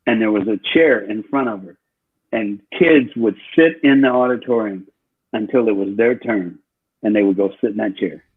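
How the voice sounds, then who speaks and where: A man's voice: fairly low pitch, normal speed, a little hiss or hum. A man, a guest speaker, telling stories in a preaching style, emphatic and repeating his phrases. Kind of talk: preaching storytelling. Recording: tinny phone-like call line.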